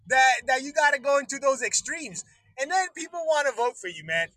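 A man with a very high, piercing voice rants on his own livestream, swearing freely and laughing between his jabs. The sound is close and completely dry, with no room around it. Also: lively intonation, fairly quick, bright, forceful tone, no echo, poor audio. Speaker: livestream host. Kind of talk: profane political rant.

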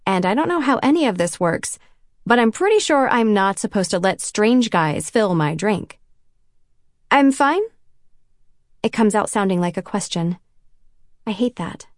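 A woman's voice: mid-range voice, expressive, moderate pace, no echo, studio quality. A woman reading a novel in first person, with a self-conscious, wry inner voice. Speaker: audiobook narrator. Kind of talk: first-person audiobook narration.

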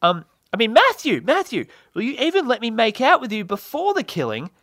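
A man's voice: very high-pitched, wildly swooping pitch, a little fast, a bit bright, no echo, studio quality. A young man hosting a solo comedy podcast, rambling and self-mocking with lots of fillers and laughs. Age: young adult. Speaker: podcast host.

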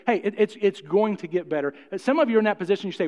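Preaching to his own congregation in a church hall, a middle-aged pastor with a notably high, expressive voice and darkish tone talks at a quick pace with hardly any pauses. His folksy, joking sermon repeats phrases and puts questions to the room, and it rings with long hall reverb in a somewhat dull, muffled recording.

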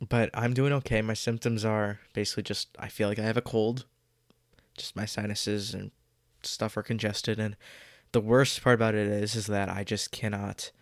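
A man's voice: lowish voice, no room sound, studio quality. A young man of seventeen with a stuffy, congested voice from a cold, chatting casually on his solo podcast, rambling and joking about his own stalling. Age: late teens. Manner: rambling, self-aware, jokey about stalling.

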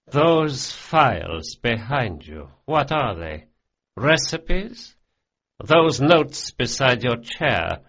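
A man voicing a courteous yet quietly threatening older crime lord in an audiobook, with a lively, measured delivery on a dull lo-fi recording. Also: medium pitch, exaggerated voice. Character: smooth, menacing older male crime lord.

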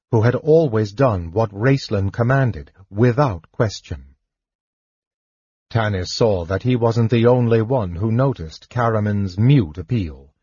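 A man narrating a fantasy audiobook in a measured, even way. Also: lowish voice, breathy edge, no room sound, muffled recording. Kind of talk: scripted narration.

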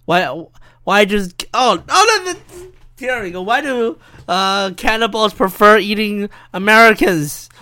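A man's voice: sits high, animated, measured pace, bright, forceful tone. A man hosting a solo podcast, rambling and interrupting himself as he riffs and laughs at his own jokes. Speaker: podcast host.

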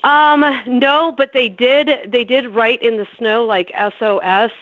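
A woman's voice: fairly high pitch, fairly even intonation, measured pace, no room sound. A woman from Maine, co-host on a casual podcast, frank and irreverent with easy laughs. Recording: dull lo-fi audio, dry.

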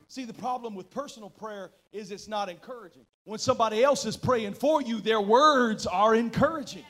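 A pastor preaching a church sermon, moving between shouted passion and hushed tones and calling on the congregation to respond. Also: male voice, high voice, normal speed, few pauses. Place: church service. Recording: clear music playing behind the preaching.

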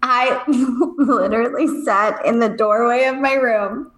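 A woman in her thirties chatting casually as a podcast co-host, her voice sitting a little high. She tells stories with energy, laughs at herself and acts out the people in them. The sound is roomy, with an echo around her. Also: fairly even intonation, slow pace. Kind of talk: casual chat.

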